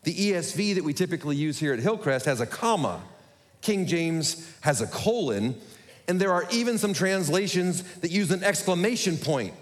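Quick, joking preacher in an echoey hall. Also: male voice, fairly high pitch, animated. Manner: quick-talking, humorous, self-deprecating. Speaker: pastor. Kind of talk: sermon. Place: church sanctuary.

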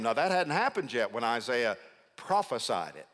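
A middle-aged man preaching from the pulpit, his voice set at an ordinary male pitch. He leans hard on key words, drawing them out slowly, and calls on the congregation to answer back. His voice trails off into the long reverb of a large church sanctuary. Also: big pitch swings, a bit bright. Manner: emphatic, prompts congregation responses; slows down to stress key words. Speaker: pastor. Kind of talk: sermon.

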